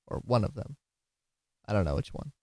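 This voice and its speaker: A man's voice: on the low side, big pitch swings, normal speed, darkish tone, no echo, clean studio sound. A tired man hosting a casual solo podcast, rambling and giggling, slurring his words at times. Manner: giggly, rambling, self-deprecating. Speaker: podcast host.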